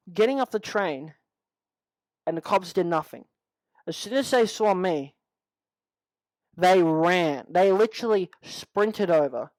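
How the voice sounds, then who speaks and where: A man's voice: sits high, dry recording, rough recording. A young man with an Australian accent, upset, ranting in a vlog monologue, swearing constantly and restarting his sentences. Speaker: channel host.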